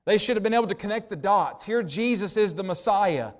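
A man preaching a sermon, earnest, slowing right down to stress key words. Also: high-pitched, expressive. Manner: earnest preaching, slows down for emphasis. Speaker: pastor.

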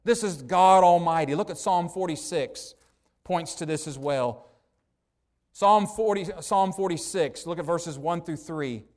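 High-voiced man preaching earnestly. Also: a little mellow. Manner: earnest preaching, slows down for emphasis. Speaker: pastor. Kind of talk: sermon.

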